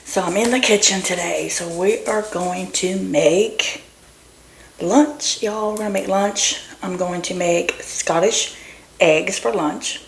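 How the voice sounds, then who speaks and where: Woman, casual rambling vlog, gravelly edge, echoey kitchen. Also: lowish voice, unhurried, a little hiss or hum. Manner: rambling, chatty, addresses viewers as y'all. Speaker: doll nursery vlogger. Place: home kitchen.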